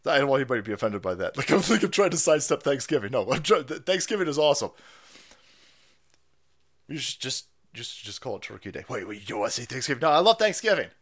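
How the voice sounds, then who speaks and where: In a medium-pitched voice with big pitch swings, a livestream host rants at a quick pace about politics. He's loud, mocking and foul-mouthed, alternating between mutters and yells.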